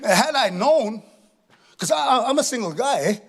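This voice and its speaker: A man's voice: very high-pitched, lively intonation, moderate pace, creaky, fairly bright tone, husky. A middle-aged man performing a chatty, self-mocking stand-up comedy set, tagging his lines with "eh". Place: live stage before an audience.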